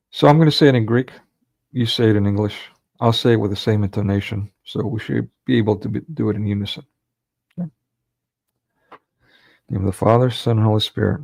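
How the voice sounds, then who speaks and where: Fervent, preachy man with a gravelly voice. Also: fairly low pitch, a little mellow, dry recording. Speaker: livestream host. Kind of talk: preaching livestream talk.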